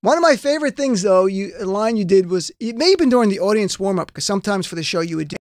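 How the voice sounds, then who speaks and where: A man's voice: high voice, fast talker, no room sound. A man hosting a radio show from a studio, chatting with a guest in a casual interview and laughing often as he tells stories. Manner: animated, laughs often while telling stories. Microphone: studio microphone.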